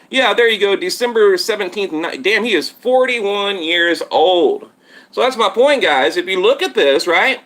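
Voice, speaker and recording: A man hosts a casual boxing live stream from home, talking straight to his viewers and wandering between points as he reads their comments. His voice sits high and cuts through with a bright, tense edge. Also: expressive, a little slow. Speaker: boxing channel host. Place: home setup in Texas. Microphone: tablet on live stream.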